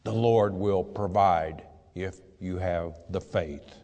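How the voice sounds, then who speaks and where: A man preaching a sermon, reading scripture in a measured, deliberate way and stopping to add his own comments. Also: deep voice, warm tone, in a large hall.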